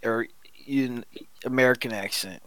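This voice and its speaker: A man's voice: medium pitch, measured pace, fairly bright tone, clear, resonant tone, no room sound, poor audio. A man joins friends to talk through a film and tosses in wry, teasing comments. The sound is dry and close. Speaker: podcast co-host. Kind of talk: casual movie commentary chat.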